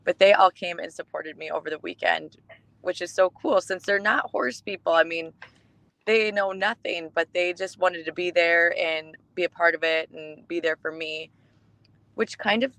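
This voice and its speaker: Gravelly-voiced chatty cowgirl woman. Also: on the low side, moderate pace, fairly bright tone, dry recording, low-quality recording. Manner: chatty storytelling with restarts, emotional. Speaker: podcast co-host. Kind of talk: casual chat.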